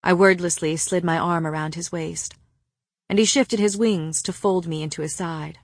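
A woman reading a story aloud in first person, with a soft and even narrating manner. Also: fairly low pitch, normal speed, no echo, clean studio sound. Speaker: audiobook narrator.

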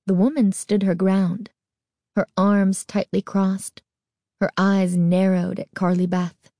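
A woman narrating a spooky story as an audiobook, expressive and suspenseful. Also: mid-range voice, takes it slowly, no room sound, studio quality.

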